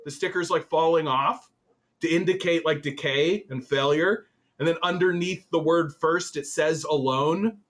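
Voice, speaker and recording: A man hosting a political commentary show, reading an article aloud and reacting to it in an animated, swearing, exasperated way. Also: on the high side, a little slow. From Canada.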